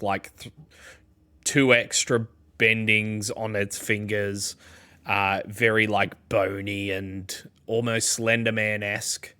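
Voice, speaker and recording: A man with an Australian accent narrating as game master, slow and full of fillers. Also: lowish voice, bright, forceful tone, clean tone. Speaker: dungeon master.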